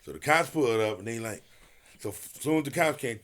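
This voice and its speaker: A man's voice: medium pitch, fairly quick, slight background noise. A man, a retired boxer and podcast guest, telling a story in casual, profane talk and acting out each person's lines. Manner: animated storyteller acting out quotes, profane, laughing.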